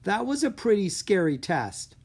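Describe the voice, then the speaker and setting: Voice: medium pitch, sing-song, moderate pace, a little mellow, breathy edge, pitched above the performer's own voice, full character voice. A storybook narrator voicing a brave, earnest young boy on a quest.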